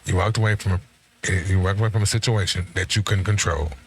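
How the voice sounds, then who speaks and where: Laid-back middle-aged man, lowish voice, casual slangy storytelling. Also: steady tone, fast talker, gravelly. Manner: laid-back, slangy, quotes himself and his friend in conversation.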